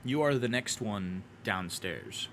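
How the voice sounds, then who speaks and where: A man narrating a tabletop game as game master in a relaxed way, with many fillers and restarts. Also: fairly low pitch, slow, slight background noise.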